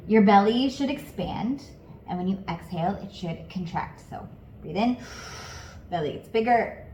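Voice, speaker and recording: Woman vocal coach, calm encouraging guidance, mid-pitched voice, roomy and slightly dull recording. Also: normal speed, a little hiss or hum. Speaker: singing teacher. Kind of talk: guided vocal lesson.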